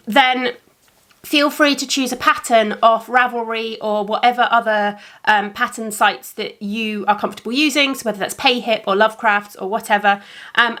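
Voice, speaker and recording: A woman's voice: a little high, pushed and bright. A woman hosting a crafting podcast, chatting to camera in a rambling way with lots of ums. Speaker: crafting podcast host and yarn dyer. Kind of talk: casual chat to camera. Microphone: camera facing the speaker.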